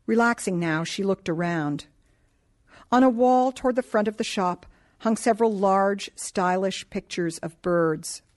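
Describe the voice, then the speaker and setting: Calm woman reading an audiobook. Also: medium pitch. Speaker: audiobook narrator. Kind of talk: scripted narration.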